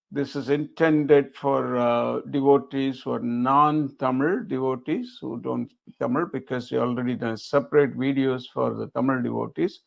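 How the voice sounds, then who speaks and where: A man's voice: medium pitch, vocal fry. A man, teaching a recorded chanting lesson and explaining each step patiently. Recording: dull lo-fi recording.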